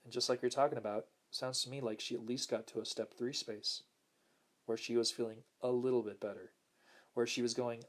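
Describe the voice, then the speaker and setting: A man hosting a casual spiritual talk, speaking gently and smoothly, repeating words for emphasis and reading viewer comments aloud. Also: steady tone, brisk. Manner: acts out quoted lines in a higher voice. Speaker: host.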